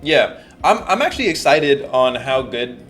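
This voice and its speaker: A man in a casual chat analyzing a competitive game, excitable and often laughing mid-sentence. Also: medium pitch, moderate pace. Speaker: co-host of a competitive game discussion.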